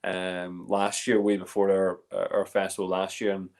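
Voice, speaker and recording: A man hosting a casual livestream chat, excitable and chatty, tripping over names. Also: deep voice, normal speed. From Northern Ireland. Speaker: host.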